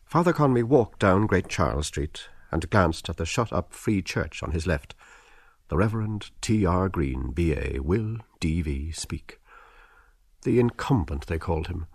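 A man narrating an audiobook in a measured, expressive literary reading. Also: low-pitched, husky, dry recording, clean studio sound. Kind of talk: scripted narration.

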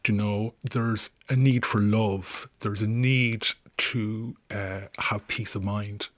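A man's voice: lowish voice, fairly even intonation, slow pace, fairly bright tone. A man, a theatre director speaking thoughtfully in a radio interview, with many restarts.

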